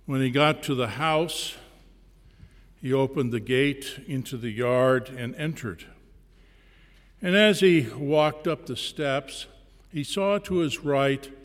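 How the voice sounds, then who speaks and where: A man preaching a sermon, telling a parable slowly and deliberately, with pauses between phrases. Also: mid-range voice. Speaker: pastor. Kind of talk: sermon storytelling. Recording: long reverb in a large hall.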